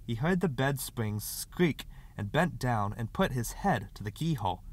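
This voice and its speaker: A man reading a short story aloud as an audiobook narrator, in expressive scripted narration. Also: mid-range voice, measured pace.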